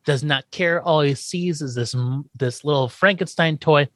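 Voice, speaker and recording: Man, podcast co-host, casual animated recap, does character voices, dry close sound. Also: on the high side, moderate pace, no room sound. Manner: animated storytelling, acts out characters' lines. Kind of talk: casual chat.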